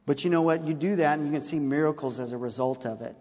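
A man preaching a sermon, telling a story with lively energy and acting out the characters' lines. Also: fairly high pitch, fast talker. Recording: long hall reverb.

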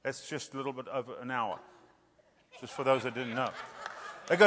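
A male preacher giving a humorous sermon, animated and joking, often tossing out a rhetorical "hello?" for laughs. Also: medium pitch, fairly quick, pauses often, in a large hall, slight background noise.

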